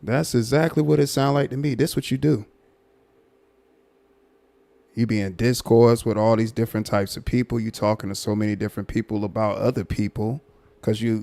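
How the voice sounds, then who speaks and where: A man's voice: fairly low pitch, darkish tone. A man hosting a livestream, giving blunt, repetitive commentary on a guest. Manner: repetitive, emphatic, judging. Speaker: livestream host.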